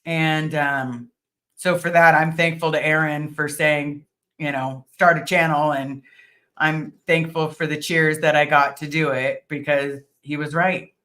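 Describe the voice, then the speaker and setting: This livestream host, a middle-aged woman, works through her viewers' comments one at a time, reading them out and replying with earnest gratitude amid many ums and small restarts. She speaks at a measured pace in a low, bright, clear voice with fairly even intonation.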